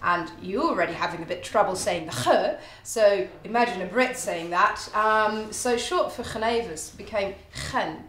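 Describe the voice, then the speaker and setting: A woman's voice: medium pitch, moderate pace, few pauses, fairly bright tone, roomy sound, a little hiss or hum, rough recording. A woman guiding a tasting tour in a distillery museum, explaining its history and listing flavours in a storytelling way. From Netherlands. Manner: explanatory, storytelling, lists products.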